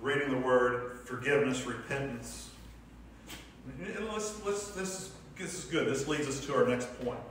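A man's voice: mid-range voice, moderate pace, a bit bright, a little hiss or hum. A man leading a church class lesson in a conversational way, asking the class questions and acting out inner voices. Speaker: Sunday school teacher. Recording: echoey room from a distant mic.

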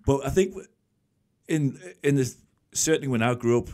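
Man, 40s, podcast host, relaxed and quick to laugh. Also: medium pitch. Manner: laid-back, laughs easily, agreeing. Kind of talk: casual podcast conversation.

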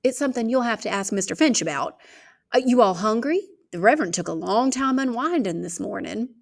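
A woman's voice: on the high side, a little fast, gravelly. Woman voicing a patient older housekeeper. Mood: plain. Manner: calm, plainspoken.

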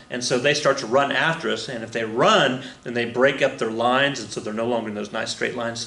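A man's voice: mid-range voice, bright, forceful tone. A man teaching a history lesson in a casual, rambling way, with lots of fillers, restarts and chuckles. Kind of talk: casual recorded lecture. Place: room with a flag on the wall. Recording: echoey room.

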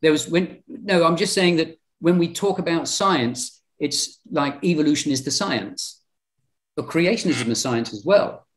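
British man, raised-pitch voice, argumentative presenter, keeps restarting his sentences. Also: expressive, measured pace. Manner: insistent, argumentative, many restarts. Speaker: Bible study presenter. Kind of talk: lecture-style group discussion.

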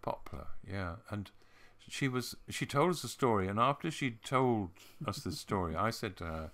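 A man co-hosting a podcast, telling stories in a relaxed, halting, anecdotal way. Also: fairly low pitch. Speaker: podcast co-host. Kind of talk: casual storytelling chat.

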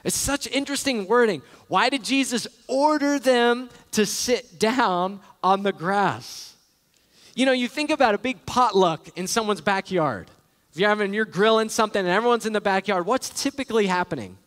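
A man's voice: sits high, moderate pace, fairly bright tone. A man preaching a sermon as a pastor, earnest and emphatic, repeating key phrases. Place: large church sanctuary. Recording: echoey church hall.

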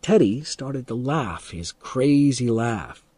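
Slow husky male audiobook narrator. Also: medium pitch, expressive, darkish tone, no room sound. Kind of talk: slow first-person audiobook reading for English learners.

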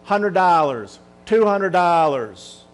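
A man's voice: high-pitched, sing-song, slow pace, exaggerated voice. A man voicing a formal, persistent auctioneer who keeps pressing for bids. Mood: insistent.

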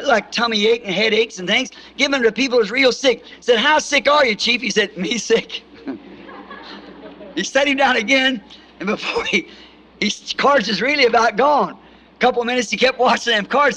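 A middle-aged preacher with a high voice tells homespun stories to his congregation. He chuckles often and keeps a folksy, storytelling manner. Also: sharp tone, low-quality recording.

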